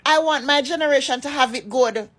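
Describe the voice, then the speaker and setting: A woman's voice: sits high, brisk, fairly bright tone. A woman from Jamaica with a Jamaican accent that slides into patois, giving an impassioned, emphatic rant that scolds her critics. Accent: Jamaican, shifting into patois. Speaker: vlogger. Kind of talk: political rant to followers.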